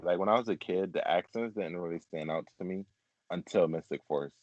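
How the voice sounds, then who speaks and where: Male host, very deep, rambling casual chat, lo-fi dull recording. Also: a little fast, a little mellow, no echo. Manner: rambling, filler-heavy, laughs often. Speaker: podcast host.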